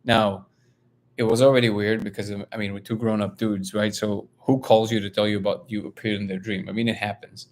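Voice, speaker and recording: A man from Russia hosting a casual live stream, reading viewer comments aloud and telling a story with lively, high-pitched quotes of other people. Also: a little fast. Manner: animated storyteller, jumps up in pitch when quoting others. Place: home, living in LA.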